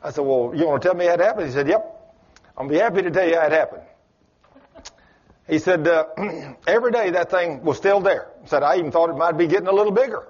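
A man preaches a sermon, slipping into folksy storytelling and acting out both sides of the conversations he recounts. His voice sits a little high for a man. The recording is dull and lo-fi, as if taped in a church. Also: quick pace. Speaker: pastor.

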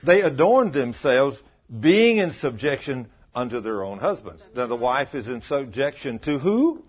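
A man's voice: medium pitch, measured pace, breathy edge. A man preaching a sermon, telling a story with acted-out dialogue and quoting scripture. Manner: animated, acts out dialogue, quotes scripture. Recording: dull lo-fi sound.

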